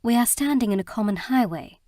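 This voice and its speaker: A woman's voice: fairly high pitch, expressive, fairly quick, warm tone, no echo, clean studio sound, close to an everyday voice. A woman reading the part of a proper young wife in an audiobook, in a prim, earnest manner.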